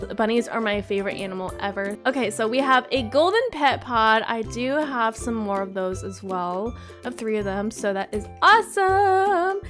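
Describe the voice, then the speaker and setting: High-voiced bubbly young woman gamer. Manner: bubbly, excitable, squeals with delight. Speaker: gaming channel host. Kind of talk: gameplay commentary. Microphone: desktop microphone.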